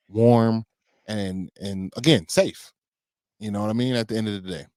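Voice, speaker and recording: A man's voice: fairly low pitch, moderate pace, no echo, clean studio sound. A man co-hosting a podcast in easygoing casual chat, telling stories and asking his co-host questions.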